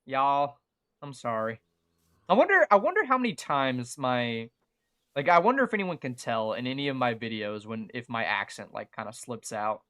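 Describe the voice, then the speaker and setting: A bright-voiced young man from the Southern United States speaks with a light, mild Southern American twang, medium pitch, big pitch swings and a moderate pace. As a gaming livestreamer chatting casually while he plays, he rambles on, full of fillers and restarts.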